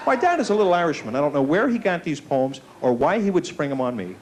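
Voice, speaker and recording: Guy doing standup, high voice that jumps all over, faint tape hiss. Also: quick pace, few pauses. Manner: animated, self-mocking storytelling with put-on voices. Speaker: stand-up comedian. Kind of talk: stand-up comedy set. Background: audience laughter.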